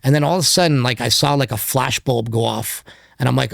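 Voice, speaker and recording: Speaking a little fast, a gravelly, mid-pitched documentary filmmaker rambles candidly through a casual podcast interview, filling gaps between ideas with lots of filler words. His voice is captured close and dry in a studio.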